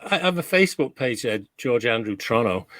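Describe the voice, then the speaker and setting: A man's voice: medium pitch, lively intonation, brisk, a bit bright, no echo. Rambling Canadian man, dry close sound. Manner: rambling, reminiscing, frequent restarts. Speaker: DJ guest. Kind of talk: casual chat.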